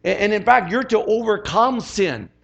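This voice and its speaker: Brief: male pastor preaching in an easy, emphatic way, somewhat high voice, dull lo-fi recording. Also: expressive, normal speed, creaky, a bit bright. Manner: conversational, emphatic, repeats phrases. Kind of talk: sermon.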